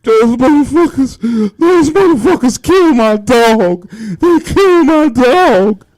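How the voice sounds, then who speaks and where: A man voicing a grief-stricken grown man who shouts through tears over his dead dog. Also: very high-pitched, lively intonation, takes it slowly, no room sound, pitched above the performer's own voice, full character voice. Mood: distraught.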